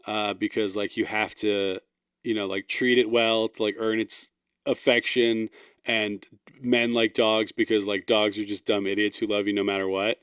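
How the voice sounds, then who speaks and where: A man's voice: lowish voice, flat delivery, normal speed, fairly bright tone, clear, resonant tone, no echo, studio quality. A man co-hosting a podcast in casual chat, rambling and self-deprecating, laughing mid-sentence. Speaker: podcast co-host.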